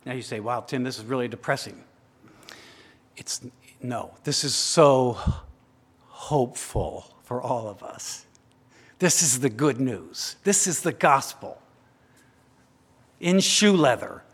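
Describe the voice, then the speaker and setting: A man preaching a sermon, moving between hushed, slow reflection and raised, urgent emphasis, repeating phrases in building lists. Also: medium pitch, animated, slightly rough, in a large hall. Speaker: pastor.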